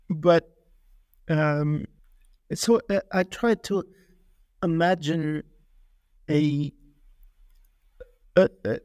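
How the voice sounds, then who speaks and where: Male author guest, slow and halting, slightly high voice, dry close mic. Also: darkish tone, dry recording. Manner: hesitant, many restarts and fillers. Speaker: author being interviewed. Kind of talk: scholarly interview answer.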